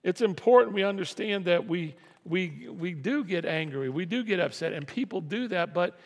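Male pastor, gravelly voice, conversational sermon with repeats, reverberant church. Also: high-pitched, lively intonation, moderate pace. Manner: conversational preaching with restarts and repeated phrases. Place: church sanctuary. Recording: long reverb of a hall.

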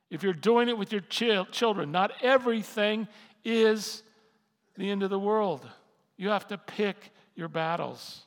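Older man preaching, gravelly and high. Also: a bit bright. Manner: conversational preaching that repeats phrases for emphasis. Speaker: pastor. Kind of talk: sermon. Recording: long hall reverb.

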